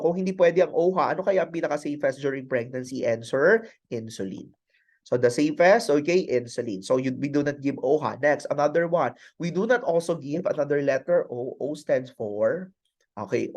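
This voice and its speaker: A man's voice: a little high, a little mellow. A man with a Filipino accent teaching a nursing pharmacology night class, switching between English and Filipino and repeating key terms as he quizzes students. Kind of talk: online class lecture.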